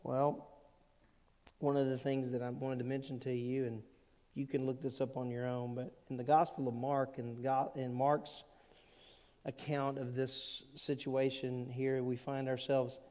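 A man preaching a sermon as pastor, earnest, with emphatic rising peaks and quieter asides. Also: mid-range voice, flat delivery, measured pace. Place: church sanctuary. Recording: long reverb of a church hall.

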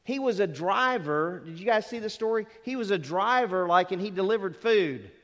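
High-voiced pastor in a reverberant church. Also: male voice, expressive, normal speed, a bit bright. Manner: conversational preaching, rhetorical questions and asides. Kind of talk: sermon. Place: church sanctuary. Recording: long reverb of a church hall.

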